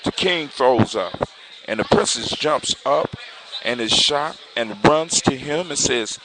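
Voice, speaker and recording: A man's voice: mid-range voice, takes it slowly. Man telling a folktale, hissy recording. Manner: relaxed, unscripted, restarts. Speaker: storyteller. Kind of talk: oral folktale narration. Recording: clear background hiss.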